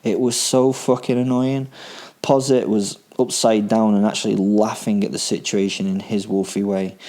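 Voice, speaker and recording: A man's voice: lowish voice, little pitch movement, normal speed, dark tone. A man narrating a first-person horror story in a dry, darkly comic, matter-of-fact way. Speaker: podcast host and narrator.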